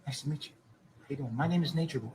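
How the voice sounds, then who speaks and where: A man mocking a soft-spoken, gentle male TV neighbor, talking slowly, quietly and overly politely. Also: medium pitch, background noise, pitched below the performer's own voice, natural voice. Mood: sweet. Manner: slow, hushed and overly polite.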